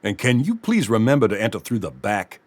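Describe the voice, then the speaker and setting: A man's voice: fairly low pitch, big pitch swings, fairly quick, no echo. A man voicing a small-business owner who speaks plainly and scolds bluntly. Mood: exasperated. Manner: brusque, scolding. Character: shopkeeper dropping the act, plain South Florida businessman.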